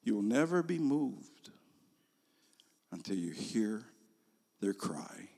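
Older male preacher, slow and animated. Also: fairly low pitch. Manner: slow storytelling, swings from loud emphasis to hushed whispers. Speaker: pastor. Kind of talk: sermon. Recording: long reverb of a large hall.

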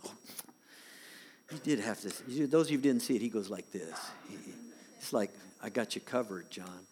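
A man's voice: mid-range voice, lively intonation, moderate pace, a little hiss or hum. Older man preaching, long church reverb. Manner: swings from loud emphatic preaching to soft whispered asides. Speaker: pastor. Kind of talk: sermon.

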